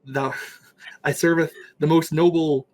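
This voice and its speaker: A man's voice: on the high side, fairly even intonation, takes it slowly, a little mellow. A man voicing a courtly male servant of a medieval king, speaking in mock-archaic, formal language. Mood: courteous.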